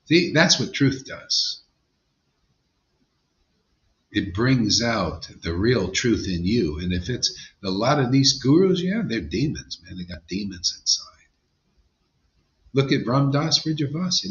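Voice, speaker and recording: Emphatic man preaching with lively pitch. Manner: emphatic, blunt, conversational, says "man" often. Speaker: spiritual teacher. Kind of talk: informal devotional sermon to a live audience. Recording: dull lo-fi sound.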